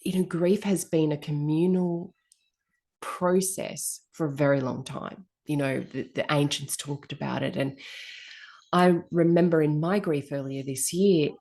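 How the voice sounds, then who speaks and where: Host: woman, very low voice, gentle reflective delivery. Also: fairly even intonation, a little slow. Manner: gentle and reflective, with many soft affirmations. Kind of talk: reflective conversation.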